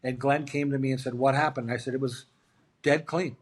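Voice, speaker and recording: There's slight background noise behind this medium-pitched, brisk male voice. A middle-aged ex-hockey player on an interview show, he tells animated, casual anecdotes and performs the lines of the people in them.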